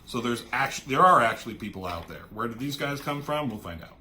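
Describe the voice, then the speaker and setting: A man casually recapping a comic book, swearing freely and popping into quick voices for the characters. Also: medium pitch, lively intonation, bright, forceful tone, a little hiss or hum. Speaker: comic reviewer.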